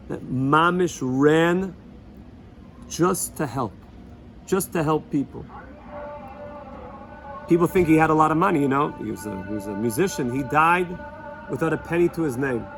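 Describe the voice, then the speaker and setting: Earnest rabbi, fairly high voice, music behind. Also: male voice. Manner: earnest, repetitive, sprinkles Yiddish and Hebrew words. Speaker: rabbi teaching a weekly Torah lesson. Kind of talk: storytelling Torah talk. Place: Jerusalem.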